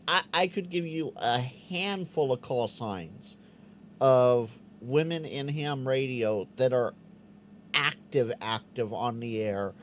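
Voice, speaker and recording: A man hosting a casual live Q&A stream, reading out chat questions and answering them with quick restarts. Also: mid-range voice, slight background noise. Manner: animated, stammering restarts, acts out quoted voices.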